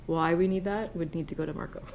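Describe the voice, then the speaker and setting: A woman's voice: fairly low pitch, fairly even intonation, quick pace, a little mellow, slight background noise. A woman on township staff presenting reports at a council meeting in council chambers, talking conversationally with many ums and some light laughter.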